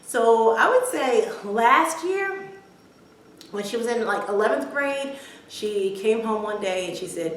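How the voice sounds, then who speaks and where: A woman's voice: on the high side, animated, unhurried, a little hiss or hum. Echoey, distant woman vlogger telling a story. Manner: chatty, warm storytelling with filler words. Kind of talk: casual storytelling to camera. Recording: very echoey room, distant mic.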